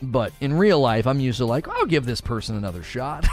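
A man's voice: medium pitch, sing-song, normal speed, soft background music. A young adult man chatting casually on a live stream, talking with animation and laughing often.

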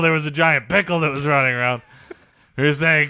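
A young man guesting in an improvised comedy interview, telling tall tales in an over-the-top, melodramatic way, often shouting. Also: a little high, a little fast.

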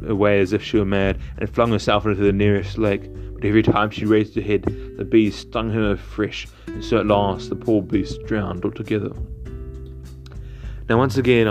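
A man's voice: on the low side, darkish tone. A man reading an old folk tale aloud as the host of a storytelling show, with small slips as he goes. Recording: dull lo-fi recording with faint guitar.

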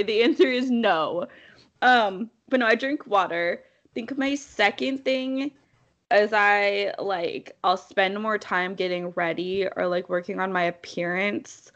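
A young woman chats casually as a podcast co-host. Her voice sits at a middle pitch, and she is animated and laughs often. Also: unhurried, highs cut off. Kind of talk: casual chat.

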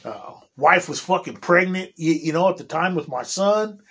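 Husky-voiced man, profane and rambling. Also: fairly high pitch, animated, moderate pace, fairly bright tone. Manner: profane, rambling, swearing constantly. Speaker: union electrician guest. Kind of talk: casual storytelling chat.

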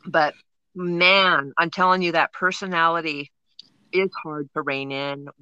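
A woman's voice: low-pitched, measured pace, smooth, no echo, lo-fi sound. A woman co-hosting a podcast, telling funny work stories in casual chat and often laughing as she talks. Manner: laughs through her stories, animated. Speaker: podcast co-host.

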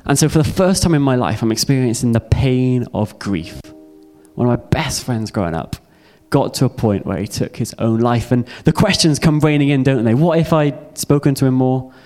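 A man's voice: medium pitch, expressive, normal speed, a little mellow, faint music behind. A young man giving a heartfelt personal testimony sermon to a youth audience. He speaks earnestly and repeats phrases for emphasis.

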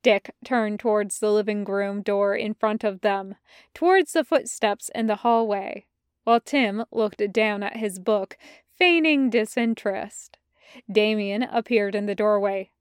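A woman reading a fan story aloud as audiobook narration, in a measured, even storytelling manner. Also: mid-range voice, clean tone, dry recording, studio quality. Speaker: podfic reader.

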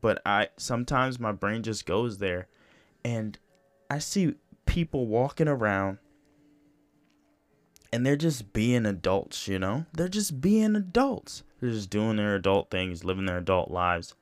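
A young man holds forth on his own podcast, swearing freely and circling back on himself with "you know" and false starts. His voice sits low but swings widely in tone. The sound is close and dry. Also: sing-song, a little slow, no room sound. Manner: rambling, profane, full of "you know" and restarts. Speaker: podcast host. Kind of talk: casual solo podcast monologue.

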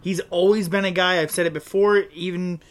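A man's voice: high-pitched, steady tone, fairly quick. A man co-hosting a casual wrestling news podcast, laying out his theories with confidence. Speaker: podcast co-host.

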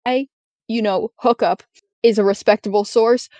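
A woman's voice: on the high side, fairly even intonation, moderate pace, warm tone, dry recording. A woman playing a tabletop game, joking breezily and swearing casually. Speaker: player.

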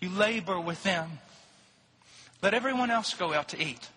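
Male preacher, high bright voice, reverberant hall, passionate storytelling sermon. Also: animated, normal speed, slightly rough. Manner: impassioned storytelling, rising to shouts.

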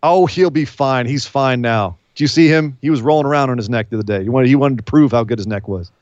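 A man's voice: medium pitch, fast talker, a little mellow, no room sound. Playful male co-host on a dull mic. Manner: teasing, playful, laughing. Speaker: podcast co-host. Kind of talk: casual chat.

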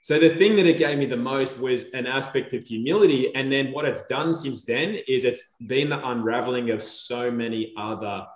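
A man's voice: medium pitch, normal speed, few pauses. Man telling a story, echoey room. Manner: animated storyteller, acts out quoted dialogue. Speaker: podcast guest. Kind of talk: casual chat.

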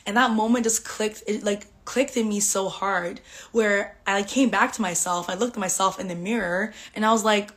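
A woman's voice: medium pitch, steady tone, normal speed, few pauses, a bit bright. A woman hosting a podcast, telling a personal story in a candid, emotional, chatty way with lots of "like" fillers. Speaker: podcast host.

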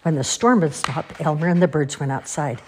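A woman reading children's stories aloud in an expressive, sing-song way. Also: low-pitched, normal speed, slight background noise. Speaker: storyteller. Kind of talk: children's story read-aloud.

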